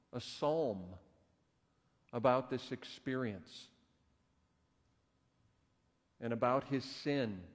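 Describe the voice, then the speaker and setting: A man who is a pastor, telling a story in a conversational, folksy sermon in a church. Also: medium pitch. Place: church sanctuary. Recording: echoey church hall.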